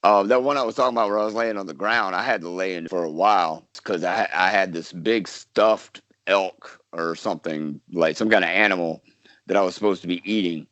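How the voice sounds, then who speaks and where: A man's voice: low voice, brisk, fairly bright tone, no room sound. A man from South Carolina, an actor guest chatting casually in an interview, rambling with lots of fillers and restarts. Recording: dull lo-fi dry sound.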